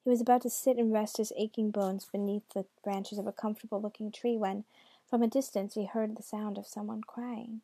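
A woman reads a storybook a little fast, her mid-range voice mellow and dark, its pitch fairly flat. Now and then she slips in wry remarks to the listener. The recording is dry and close, with no surrounding room.

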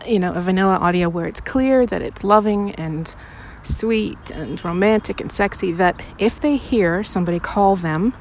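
A woman's voice: mid-range voice, normal speed, few pauses. Young woman rambling chattily to her listeners, lots of ums, faint traffic behind. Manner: chatty, rambling, self-deprecating, with frequent fillers. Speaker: audio creator talking to her listeners. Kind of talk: casual chat to listeners. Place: recorded outside.

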